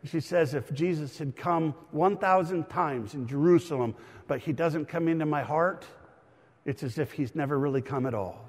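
Pastor, middle-aged man, energetic teaching sermon with bursts of emphasis; sits a bit high, long room reverb. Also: moderate pace. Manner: animated, shouts for emphasis, teaching aside.

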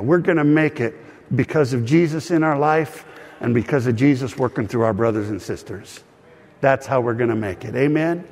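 A man's voice: medium pitch, darkish tone, big-room sound. A man preaching a sermon as pastor of a congregation, earnest and conversational, calling for responses from the room. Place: church hall.

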